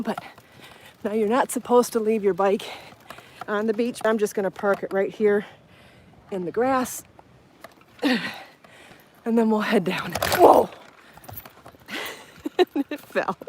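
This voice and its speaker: A woman's voice: fairly high pitch, measured pace, long pauses, darkish tone, a little hiss or hum. Breathless chatty woman on a phone outdoors. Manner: chatty, apologetic, laughs often. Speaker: podcast host on a live stream. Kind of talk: casual live vlog while walking a bike. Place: outdoors on a path to a beach. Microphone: phone held in hand.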